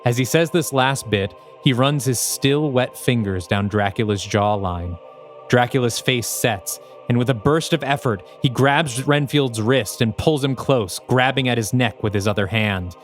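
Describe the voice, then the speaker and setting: A man co-hosting a podcast, reading aloud a screenplay he wrote in steady, descriptive narration. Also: medium pitch, measured pace, faint music behind. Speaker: podcast co-host.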